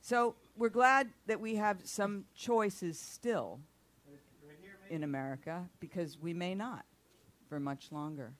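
A woman's voice: on the low side, takes it slowly. A middle-aged woman hosting a studio talk show, chatty and rambling, often repeating herself. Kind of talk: casual chat show hosting. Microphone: studio mic with headphones.

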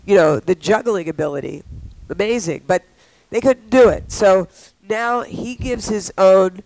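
A woman's voice: medium pitch, unhurried, creaky, a little mellow, low-quality recording. A woman hosting a talk show, talking in a playful, bawdy, teasing way with callers. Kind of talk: casual radio show chat.

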